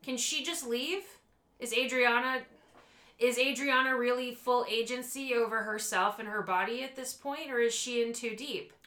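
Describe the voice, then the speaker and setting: Female co-host, earnest, bright voice, echoey room. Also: fairly high pitch, moderate pace. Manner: earnest, argues with rhetorical questions. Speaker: podcast co-host. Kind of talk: casual chat.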